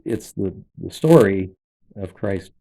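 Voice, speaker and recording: A pastor telling a church story in conversation, in a measured way, stopping to explain details along the way. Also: male voice, low-pitched, lively intonation, creaky, dark tone, poor audio. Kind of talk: casual storytelling.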